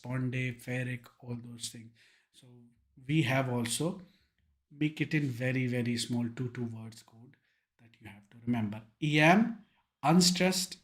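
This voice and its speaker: A young male teacher with an Indian English accent and a mid-range voice delivers an online revision lecture with emphasis. He drills key exam terms one at a time, mixing Hindi words into his English.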